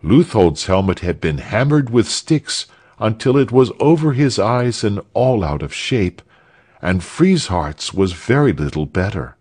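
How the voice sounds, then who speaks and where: A man reading a story aloud for English learners in a measured, expressive way. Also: fairly low pitch, breathy edge. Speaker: narrator.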